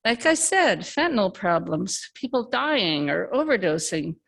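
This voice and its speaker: A woman reading a story aloud, voicing an angry young man who argues, swears and shouts. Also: sits high, big pitch swings, measured pace, creaky, heavily acted. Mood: heated.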